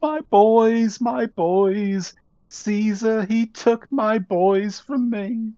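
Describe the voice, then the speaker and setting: A man's voice: high-pitched, fairly even intonation, very slow, mellow, no echo, highs cut off, pitched above the performer's own voice, heavily acted. A man playing a grieving half-mad old woman. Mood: mournful. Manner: weepy, rambling, pleading.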